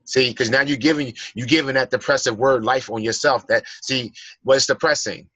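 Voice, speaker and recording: A man's voice: medium pitch, quick pace, a bit bright, no room sound, poor audio. A man speaking as a guest in a personal development class, earnestly coaching listeners and rephrasing his points. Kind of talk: motivational talk.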